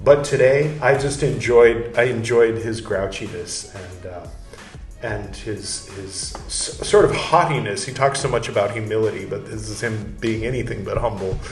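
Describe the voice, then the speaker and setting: A man's voice: lowish voice, normal speed, far from the mic. A man hosts a podcast, reading an old text aloud and calling out every quotation mark as he goes. Between readings he talks in a loose, candid way. He sits back from the mic in an echoey room, and faint music plays underneath. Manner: reads with spoken "quote" and "end quote" markers; candid, chatty asides with fillers. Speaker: podcast host. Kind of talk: reading a historical text aloud, then casual commentary.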